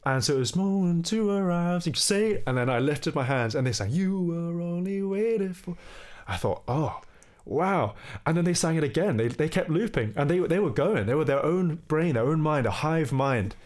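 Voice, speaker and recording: A young man, a musician guest, telling a story in relaxed conversation and singing short bits of melody as he goes. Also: a little high, normal speed, few pauses. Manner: animated, sings snippets of melody while telling the story.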